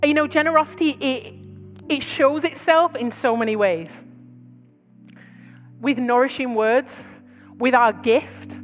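A British woman with a high voice preaches in a chatty storytelling manner, full of asides. Her voice rings out with the long reverb of a big hall, and soft music sits faintly underneath. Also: unhurried, pauses often. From Britain. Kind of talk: sermon. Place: large church hall.

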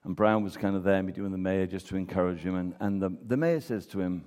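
A man delivers a sermon in a lowish voice, telling a story and acting out the voices of the people in it. The long reverb of a large church hall surrounds every word. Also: quick pace, a little mellow, smooth. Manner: storytelling, acts out quoted voices. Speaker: preacher.

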